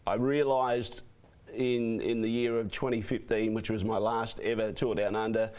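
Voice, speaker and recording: Hoarse race caller. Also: male voice, lowish voice, normal speed. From Australia. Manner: chatty, animated anecdotes with repeated "you know what I mean". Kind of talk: interview guest storytelling.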